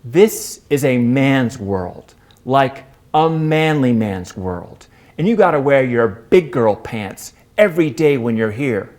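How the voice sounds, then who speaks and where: A tough, no-nonsense female road-crew worker laying out the rules of the job in slow, emphatic phrases, as a male storyteller quotes her. The voice swings widely in pitch, lively and expressive, as part of a staged storytelling performance. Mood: blunt. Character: blunt female construction worker giving tough advice.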